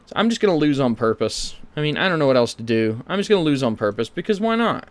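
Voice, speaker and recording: Streaming a retro computer game, a man gives casual, rambling commentary at a quick, very animated pace. His pitch jumps around a lot and sits slightly high for a man, and he slips in dry, sarcastic asides. Music is clearly audible behind him.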